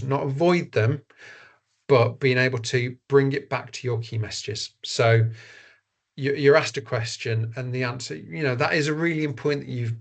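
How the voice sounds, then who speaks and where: A man giving an online masterclass as a voice and media trainer, talking in an earnest, conversational way with frequent ums and restarts. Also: mid-range voice. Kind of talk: online presentation-skills masterclass. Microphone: video call.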